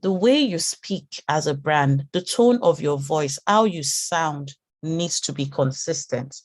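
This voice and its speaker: A woman teaching an online branding class in a calm, reassuring way, often repeating words as she thinks. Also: low-pitched, slow pace, dry recording, clean studio sound.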